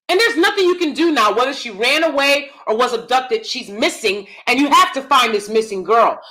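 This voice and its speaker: A woman's voice: high voice, a bit bright. A woman hosting a commentary vlog, who speaks emphatically and often asks her viewers questions directly. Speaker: channel host; theater actor.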